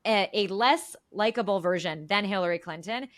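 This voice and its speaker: A woman's voice: mid-range voice, normal speed, dry recording, studio quality. A young adult woman co-hosting a casual political podcast, talking emphatically and restarting sentences as she builds her points. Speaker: podcast co-host.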